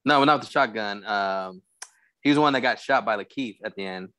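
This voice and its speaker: A man co-hosting a casual movie review podcast, eager and full of quick agreements. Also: fairly low pitch, pushed and bright. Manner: quick, eager, repeats yeah a lot. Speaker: podcast co-host.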